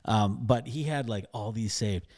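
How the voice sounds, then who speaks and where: A man co-hosting a casual podcast chat, enthusiastic and quick to laugh. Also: fairly low pitch. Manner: enthusiastic, laughs often, lively reactions.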